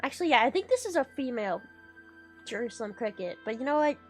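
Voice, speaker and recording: Excitable high-voiced woman streamer. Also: fast, faint music behind. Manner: excitable and playful, swears casually; rambling with sudden jumps in pitch and loudness. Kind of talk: casual livestream chat.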